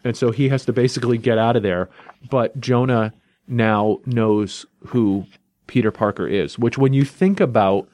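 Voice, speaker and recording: A man in the middle of a casual podcast recap, telling a story with lively energy and leaning on "you know" and "like." His voice sits at an ordinary pitch, and the recording is dry and close with no room sound. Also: normal speed, no room sound. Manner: animated storyteller paraphrasing dialogue, with filler "you know" and "like". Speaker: comic book podcast host.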